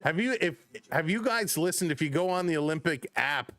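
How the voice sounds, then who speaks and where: A man hosting a live baseball stream, mixing play-by-play with chatty greetings to viewers. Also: fairly quick. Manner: chatty, greets chat viewers by name between pitches; gets loud and excited on big plays. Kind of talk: casual live play-by-play commentary.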